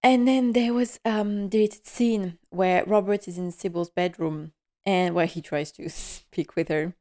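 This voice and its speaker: A woman's voice: lowish voice, fairly even intonation, a little slow, dark tone. Chatty woman recapping a TV episode. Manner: chatty and enthusiastic, laughs often, paraphrases scenes. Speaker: podcast host.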